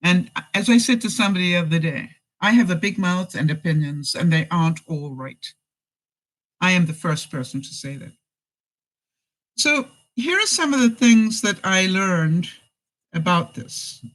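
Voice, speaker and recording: A woman's voice: on the low side, lively intonation, normal speed, fairly bright tone, low-quality recording. Chatty woman vlogger who laughs a lot. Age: middle-aged. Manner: chatty storyteller, laughs often, acts out quoted lines. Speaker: vlogger giving life advice. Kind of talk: live-stream chat, reading viewer comments.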